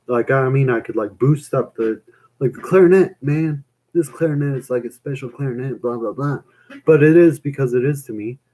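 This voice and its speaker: A man's voice: medium pitch, warm tone, slight background noise. A young man chatting on a live stream, rambling with lots of fillers and casual swearing.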